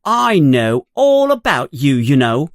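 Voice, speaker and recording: A narrator voicing a bossy, fast-talking know-it-all schoolgirl in a children's story, pitching the voice higher. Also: very animated, dry recording, clean studio sound. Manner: quick and bossy.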